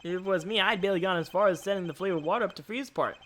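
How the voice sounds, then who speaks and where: A man's voice: sits high, very fast, a bit bright, pitched above the performer's own voice. A man voicing Eddie, a timid young male chef apprentice, reading game dialogue aloud in a hesitant, wondering way.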